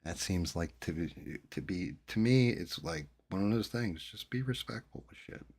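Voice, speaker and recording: A man's voice: low voice, expressive, moderate pace, darkish tone, husky. A middle-aged man from New Jersey, chatting casually with viewers and telling rambling, profane stories. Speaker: streamer host chatting with viewers. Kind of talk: casual chat.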